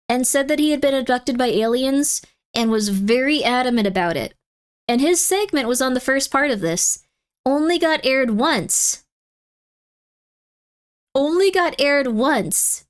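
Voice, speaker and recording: A woman streamer chatting casually while reacting to videos, rambling with frequent laughs. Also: high voice. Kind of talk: casual chat.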